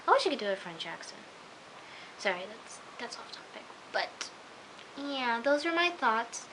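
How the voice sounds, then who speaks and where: A woman reviewing a TV episode in a casual, gushing vlog, full of exclamations and filler words, sometimes dropping to hushed asides. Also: a little high, sing-song, normal speed, noisy background.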